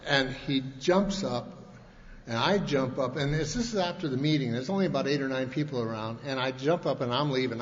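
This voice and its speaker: A man's voice: medium pitch, fairly quick. A middle-aged man from Montana telling his recovery story to an audience, folksy and rambling, with constant restarts and colloquial grammar. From Montana, USA. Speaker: speaker at a recovery convention. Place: large convention hall. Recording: long hall reverb, dull lo-fi archival tape, faint hiss.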